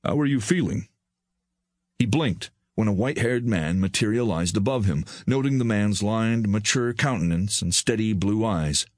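A man narrating an audiobook in an even, measured storytelling manner. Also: lowish voice, no echo, studio quality. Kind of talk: scripted narration.

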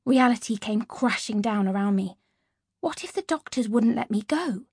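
Woman narrator, audiobook, expressive reading, high-ish, breathy, dry close-miked studio. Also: moderate pace, dry recording. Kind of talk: first-person audiobook narration. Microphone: close studio mic.

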